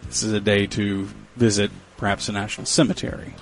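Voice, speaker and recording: A man's voice: lowish voice, little pitch movement, a little fast, faint music behind. A man hosting a casual radio show, chatting in a playful, joking way. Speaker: radio host.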